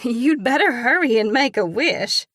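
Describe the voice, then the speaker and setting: A playful woman , as a narrator puts her on teases brightly at a birthday table, raised and lively against the narration. The sound stays dry and close. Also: on the high side, measured pace, dry recording, voice pushed up, full character voice. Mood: teasing.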